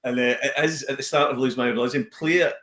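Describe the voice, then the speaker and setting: A Scottish man, a comedian, chatting casually on a podcast as an animated storyteller who slips into voices. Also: medium pitch, fast talker, reverberant. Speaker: comedian guest.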